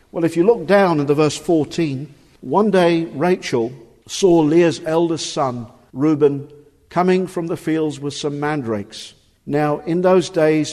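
A man's voice: a little high, dark tone. A man preaching a sermon earnestly and emphatically, often asking rhetorical questions. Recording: long reverb of a large hall.

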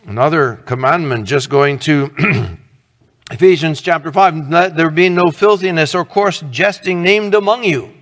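A man's voice: a little high, unhurried, fairly bright tone, long reverb tail. A middle-aged man preaching a sermon as pastor, earnest and conversational, asking the congregation questions.

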